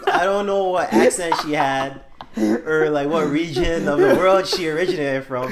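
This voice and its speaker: A man's voice: fairly high pitch, expressive, a little fast, over a noisy crowd. A young man co-hosting a podcast, bantering playfully in a casual chat. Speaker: podcast co-host.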